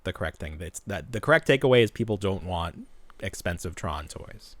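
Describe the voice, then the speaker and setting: Brief: male podcast co-host, lively swooping delivery, joking, dry close mic. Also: deep voice, a little fast, no room sound. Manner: animated, joking, swears casually. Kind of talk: casual chat.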